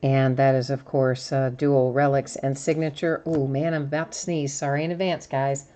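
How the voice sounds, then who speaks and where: A woman's voice: very deep voice, level tone, moderate pace, mellow. A middle-aged woman hosting a live card break stream, chatting casually with viewers and reading out cards as she goes. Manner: chatty, laughs at herself, reads out cards.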